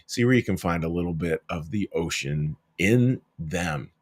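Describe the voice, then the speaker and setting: A middle-aged man, a minister, gives a gentle daily devotional reflection to camera from a small cabin room. He talks conversationally, often restarting and searching for words, and addresses his listeners as folks. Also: low-pitched, expressive, moderate pace.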